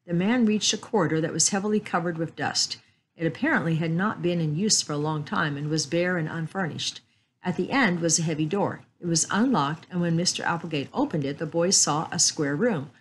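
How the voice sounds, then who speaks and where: A woman storyteller reading a book aloud in a slow, measured way. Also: fairly low pitch, a little hiss or hum, poor audio.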